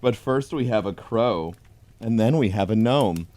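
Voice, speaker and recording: A man reading a pun book aloud in a dry, deadpan comedic tone, chuckling along. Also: fairly low pitch, unhurried. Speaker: comedy host.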